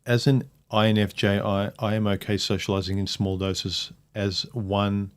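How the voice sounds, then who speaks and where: A man's voice: lowish voice, little pitch movement, normal speed, clean tone. A man hosting a casual livestream chat, reading viewer comments aloud and reacting to them. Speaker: livestream host.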